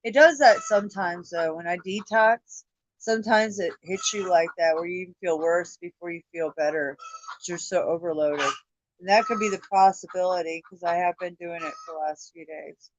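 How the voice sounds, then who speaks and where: A woman's voice: lowish voice, moderate pace, highs cut off. A woman hosting a casual livestream chat. She sounds tired, swears often and laughs easily. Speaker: livestream host.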